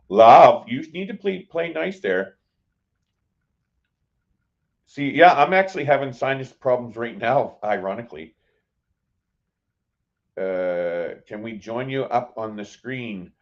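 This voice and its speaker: A man's voice: medium pitch, muffled recording. A man live-streaming a casual chat from a cruise ship, rambling with lots of fillers and restarts. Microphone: phone.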